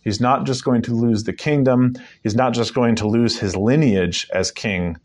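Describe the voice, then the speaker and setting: A man's voice: mid-range voice, normal speed, darkish tone. Emphatic male preacher teaching scripture. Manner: emphatic, with joking asides. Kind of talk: conversational sermon, Bible teaching.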